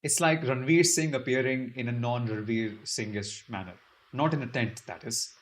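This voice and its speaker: A man with a mid-range voice speaks at a moderate pace while hosting a relaxed YouTube live-stream Q&A. Going through viewer comments out loud, he answers chattily with humor at his own expense.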